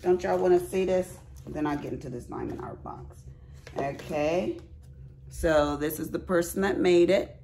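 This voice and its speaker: A woman's voice: fairly low pitch, a little slow, warm tone, a little hiss or hum. A middle-aged woman, chatting casually to viewers in a craft haul vlog at home, folksy and chatty. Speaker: crafting vlogger. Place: at home, bedroom.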